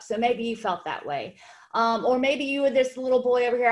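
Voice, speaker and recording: A woman's voice: fairly high pitch, normal speed. A woman hosting a webinar for fitness trainers, with an upbeat, encouraging, conversational manner. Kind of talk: webinar presentation.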